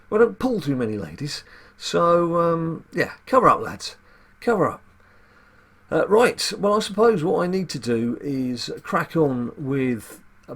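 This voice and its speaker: A man with a husky, gravelly voice talks through a mobile card game. He keeps it casual and wry, musing aloud and throwing in dry asides to his viewers. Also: on the high side. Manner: chatty and wry, muttering asides to himself. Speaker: gaming channel host. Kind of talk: casual gameplay commentary.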